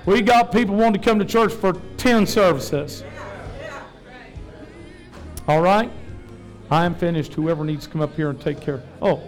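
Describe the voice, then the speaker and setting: A man, pastoring a revival service, preaching fervently and then dropping to soft personal asides during altar prayer. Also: high voice, moderate pace, pauses often, faint music behind. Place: church sanctuary.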